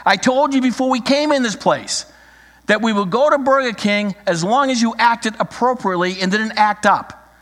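A man's voice: high voice, moderate pace, fairly bright tone, big-room sound, pitched above the performer's own voice. A preacher voicing a frustrated young mother scolding her small son, stern and raised.

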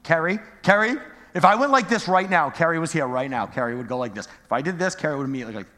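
Here the middle-aged pastor talks fast, his voice on the high side, bright and forceful, with lively intonation. He preaches conversationally in an echoey church hall, cracking jokes and posing rhetorical questions to the congregation.

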